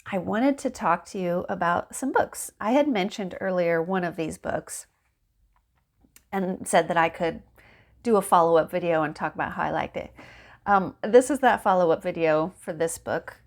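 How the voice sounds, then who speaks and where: A woman's voice: lowish voice, moderate pace. A woman in a casual chat at home by a window, talking in a rambling, chatty way and laughing often. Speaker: book vlogger.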